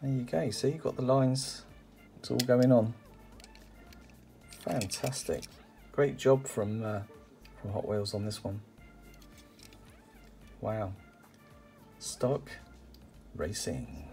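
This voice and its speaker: A toy car collector reviews a parcel, chatting casually as he unboxes die-cast toy cars, enthusiastic and exclamatory with lots of "uh" and "um." His mid-range voice is expressive, creaky and mellow, and he takes it slowly with long pauses while faint music plays behind him.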